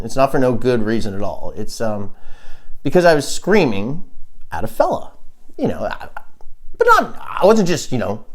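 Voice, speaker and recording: A hoarse man hosting a podcast, rambling through a satirical comedy monologue and chuckling at his own jokes. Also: medium pitch. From Canada. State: hoarse, sore throat. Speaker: podcast host.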